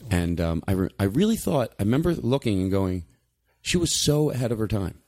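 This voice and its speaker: A man hosting a podcast, telling loose stories with plenty of restarts and filler words. His pitch swings widely as he goes, so he sounds animated even when he is rambling. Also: fairly quick. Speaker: podcast host. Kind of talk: casual storytelling chat.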